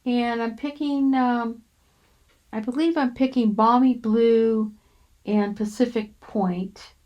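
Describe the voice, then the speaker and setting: A woman hosting a crafting channel, talking through a coloring demonstration in an unhurried, rambling way with frequent ums and restarts. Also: fairly high pitch, fairly even intonation, dull audio. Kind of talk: relaxed coloring demonstration voice-over.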